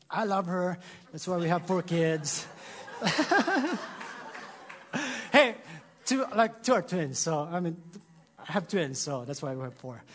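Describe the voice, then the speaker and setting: Animated high-voiced Filipino preacher man. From Philippines. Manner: animated, laughing, self-deprecating. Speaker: church speaker. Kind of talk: sermon opening with jokes. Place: church, before a congregation.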